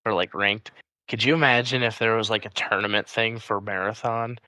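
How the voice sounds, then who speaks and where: A man's voice: on the low side, fairly even intonation, normal speed, pushed and bright, no room sound, rough recording. A man from Iowa co-hosting a casual podcast, rambling with many likes and you knows. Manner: rambling, heavy on like and you know. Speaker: podcast co-host.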